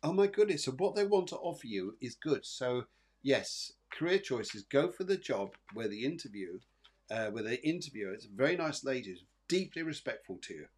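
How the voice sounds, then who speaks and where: A man's voice: mid-range voice, sing-song, normal speed, husky. A man hosting a live psychic show, giving reassuring, rambling readings full of fillers and repeated phrases. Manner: rambling and repetitive, many fillers and restarts; soothing, reassuring, addresses viewers by name. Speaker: psychic medium and show host.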